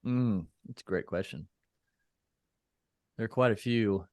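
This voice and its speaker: A man's voice: fairly low pitch, unhurried, darkish tone, no echo, clean studio sound. A man as a podcast guest in casual interview chat, reflective and loose, with many fillers and restarts.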